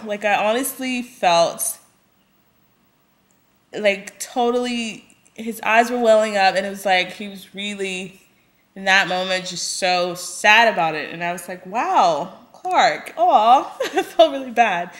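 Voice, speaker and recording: A woman's voice: mid-range voice, expressive, slow pace. A young woman giving a casual commentary on a TV episode, chatty, laughing often and acting out quoted lines. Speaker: TV episode reviewer.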